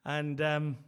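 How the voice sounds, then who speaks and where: A man's voice: on the high side, fairly bright tone, smooth. A man preaching a sermon, telling stories and acting out the voices he quotes.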